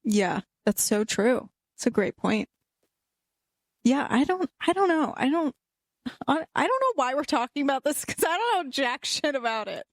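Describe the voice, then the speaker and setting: A playful young woman co-hosting a podcast, with a fairly high voice. She laughs easily and swears casually, recorded close and dry. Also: sing-song, moderate pace, no echo. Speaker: podcast co-host. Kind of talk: casual chat.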